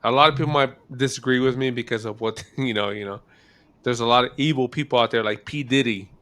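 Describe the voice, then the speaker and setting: Guy hosting a chill podcast, smooth clear voice, kinda hesitant and thinking out loud. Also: medium pitch. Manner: musing, hesitant, halting. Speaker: podcast host. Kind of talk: casual chat.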